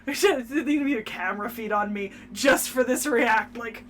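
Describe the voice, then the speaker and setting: A young woman co-hosting a casual anime discussion, energetic and sassy, swearing freely. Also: a little high, normal speed, slight background noise. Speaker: podcast co-host.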